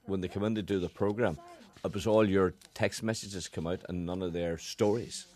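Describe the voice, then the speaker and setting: A man's voice: sits low, fairly even intonation, normal speed, a little mellow, slight background noise, pitched below the performer's own voice, lightly acted. A man imitating a blunt male radio engineer who delivers warnings. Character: gruff middle-aged male radio engineer.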